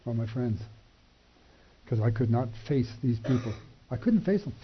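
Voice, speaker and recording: An older man telling a personal testimony, acting out the dialogue with animated shifts in voice and chuckling between lines. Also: medium pitch, moderate pace, background noise. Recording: dull lo-fi recording.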